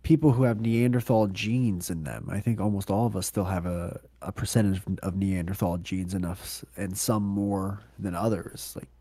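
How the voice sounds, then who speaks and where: A man's voice: deep voice, normal speed, few pauses, dry recording. Man co-hosting a podcast, dry close sound. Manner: loose, swearing, animated. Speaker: podcast co-host. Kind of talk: casual podcast chat.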